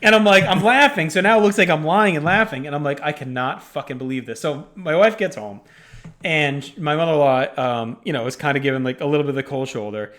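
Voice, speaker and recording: A man with a fairly high voice talks quickly as he co-hosts a podcast, telling a story in a relaxed, chatty way. He's animated, swears freely, and fills his speech with lots of fillers.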